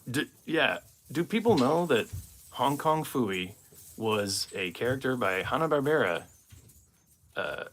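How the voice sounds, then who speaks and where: Medium in pitch and a bit bright, this American man is a comedian hosting a loose, rambling live stream. He answers questions from viewers and cracks himself up at his own jokes.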